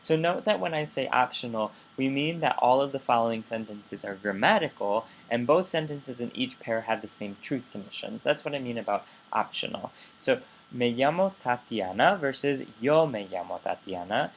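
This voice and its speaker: A man's voice: mid-range voice, moderate pace, few pauses. A man giving a recorded linguistics lecture, explaining carefully and often correcting himself mid-sentence. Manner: explanatory, with frequent restarts and self-corrections.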